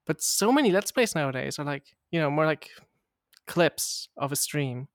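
A man, a native German speaker, co-hosting a podcast in casual chat with a blunt, deadpan manner. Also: a little high, moderate pace, dry recording, studio quality. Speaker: podcast co-host. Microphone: remote call microphone.

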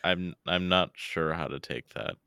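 Casting: young Midwestern man, very low yet bright voice, dry teasing co-host. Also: a little slow, vocal fry, clean tone, no room sound. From American Midwest. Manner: laughs often, dry and teasing. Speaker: podcast co-host. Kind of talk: casual chat.

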